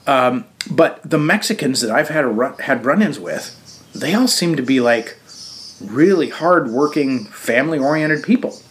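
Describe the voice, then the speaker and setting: A man hosting a show, giving a casual political commentary monologue in a halting way with frequent restarts and fillers. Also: medium pitch, animated, fairly bright tone. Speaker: show host.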